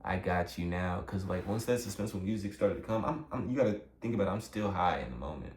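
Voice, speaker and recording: Deep-voiced young man, rambling earnestly. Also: animated, fast, a little mellow. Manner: rambling, filler-heavy, earnest, emotional. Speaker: vlogger telling a personal story. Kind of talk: casual storytelling. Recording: echoey room with faint background noise.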